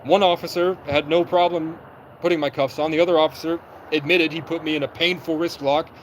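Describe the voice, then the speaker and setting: A young man on a livestream, recounting events in an agitated, rapid way and acting out what people said. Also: a little high, level tone, a little hiss or hum, poor audio. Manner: agitated, rapid storytelling with reenacted quotes. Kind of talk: livestream monologue.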